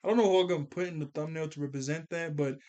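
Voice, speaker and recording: A young man talks through a cartoon episode in a relaxed, slangy review style. His voice sits a bit high for a man. He gets animated and breaks into laughter as he recaps. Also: racing.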